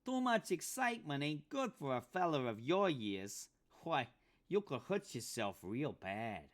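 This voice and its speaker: A man voicing a small, sly rat-like henchman with a pinched, nasal, high voice and street slang. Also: sing-song, measured pace. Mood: sly menace. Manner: cocky, threatening, street slang.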